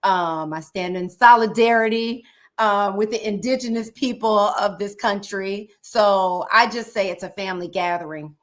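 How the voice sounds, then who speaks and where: A woman's voice: mid-range voice, moderate pace. A middle-aged woman from the United States co-hosting a podcast in playful, bantering casual chat, laughing often. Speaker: podcast co-host.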